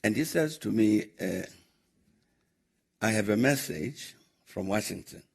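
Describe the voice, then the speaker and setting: An older South African man telling a long anecdote at a question-and-answer session, measured and pausing often with "uh" as he recounts conversations. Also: on the low side, animated. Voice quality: gravelly, husky. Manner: measured, recounting dialogue with frequent "uh" pauses. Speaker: former head of state answering questions. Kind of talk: anecdotal storytelling in a Q&A.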